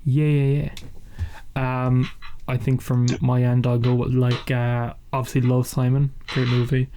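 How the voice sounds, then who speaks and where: A man's voice: mid-range voice, flat delivery, measured pace, noisy background. A British man co-hosting a podcast, chatting casually and rambling with fillers. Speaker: podcast co-host.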